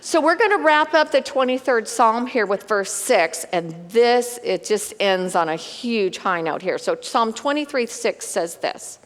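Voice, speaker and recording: Woman leading a women's Bible study, lively and chatty, fairly high voice, echoing large room. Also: unhurried, hardly any pauses. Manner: conversational, animated, talks straight to the group.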